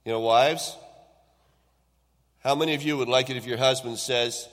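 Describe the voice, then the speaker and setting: Guy preaching in church, middle voice, gets loud on the big lines then trails off soft, long echoey hall. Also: mid-range voice, fairly even intonation, moderate pace, long pauses. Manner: swings between loud emphatic build-ups and quiet trailing endings. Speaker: pastor. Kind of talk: sermon. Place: church sanctuary.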